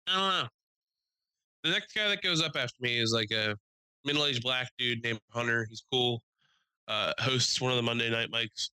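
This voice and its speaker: A young man co-hosting a podcast, telling animated stories with lots of swearing, acting out quotes in a raised voice. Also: mid-range voice, normal speed, clean tone, no echo, low-quality recording. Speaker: podcast co-host. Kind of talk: casual storytelling chat.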